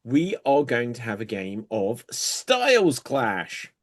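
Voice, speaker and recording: A man hosting an improv show online, setting up games and calling out style changes. He talks at a slow, unhurried pace, and his voice sits in a middle pitch. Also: wildly swooping pitch. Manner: slow, easygoing, calls games.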